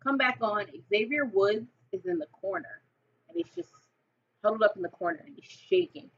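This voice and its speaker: Woman rambling excitedly, dull lo-fi sound. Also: a little high, moderate pace, slight background noise. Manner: excited, rambling retelling with fillers. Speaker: wrestling fan vlogger. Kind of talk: casual storytelling monologue.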